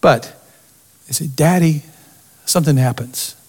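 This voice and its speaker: Male pastor, slightly higher voice, expressive sermon delivery with hushed asides. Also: a little slow, breathy edge. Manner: expressive preaching, drops to near-whisper for emphasis.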